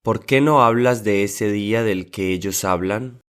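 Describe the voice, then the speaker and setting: A man with a somewhat low voice reads example sentences for a language lesson. He says each one twice in a calm, measured way. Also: clear, resonant tone.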